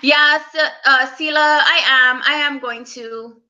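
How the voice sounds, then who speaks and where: A young woman hosting a casual live stream, speaking softly and close to tears as she greets viewers by name. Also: high-pitched, fairly even intonation, slow, lo-fi sound. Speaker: livestream host.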